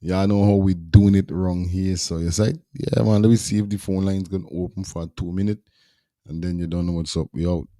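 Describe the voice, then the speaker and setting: A man's voice: deep voice, steady tone, fairly quick, warm tone, no echo, studio quality. A man gives casual, slangy commentary as a show host. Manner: slangy, laid-back, Caribbean Creole phrasing.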